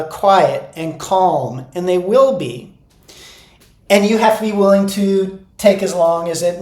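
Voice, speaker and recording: A man who coaches teachers, explaining classroom steps in a calm, unhurried way and repeating key words. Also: high-pitched. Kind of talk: instructional talk to teachers. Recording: echoey room.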